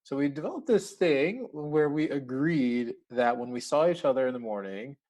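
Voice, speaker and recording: A man's voice: mid-range voice, animated, moderate pace, a little mellow. A man talking as a podcast guest in a casual interview, chatty and laughing often as he acts out bits of dialogue.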